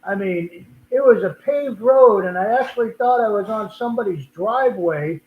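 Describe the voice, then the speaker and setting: A man's voice: high-pitched, moderate pace. An older man with a Boston accent, hosting a casual live stream and chatting in a rambling way, often restarting his sentences. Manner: rambling, repeats and restarts words. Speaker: livestream host. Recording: echoey room, tinny phone-like sound.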